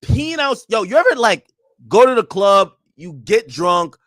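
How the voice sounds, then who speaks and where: A man's voice: high-pitched, big pitch swings, a little slow, fairly bright tone, dry recording, clean studio sound. A young man streaming casual reaction commentary in a slangy, joking way.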